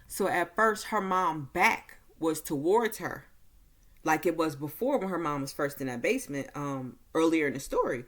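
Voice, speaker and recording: A woman giving a casual movie recap and review, talking slowly and easily, with frequent fillers. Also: on the low side, lively intonation, fairly bright tone. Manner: slow, easygoing delivery with many fillers.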